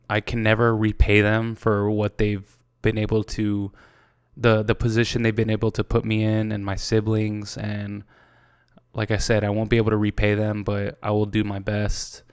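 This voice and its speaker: A man's voice: on the low side, clear, resonant tone, no echo, studio quality. A man in his twenties with an American accent, hosting a casual solo podcast, talking loosely with lots of "dude" and swearing, at times turning tearful. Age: 20s. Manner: casual, swears a lot, says "dude" often; gets tearful and emotional. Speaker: podcast host.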